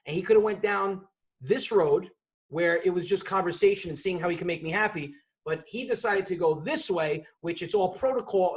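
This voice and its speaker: Fast, animated man telling a comic story. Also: sits high. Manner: fast, animated, with bursts of shouting. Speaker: comedian and guest. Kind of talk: comedic storytelling on a podcast. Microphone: video call on a computer.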